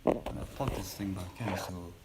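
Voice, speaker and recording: A man on a live stream, chatting casually and quietly to viewers during a break from his shift, rambling and poking fun at himself. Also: low-pitched, unhurried, very noisy. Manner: rambling, chatty, self-deprecating; talking quietly. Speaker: livestreamer on a work break.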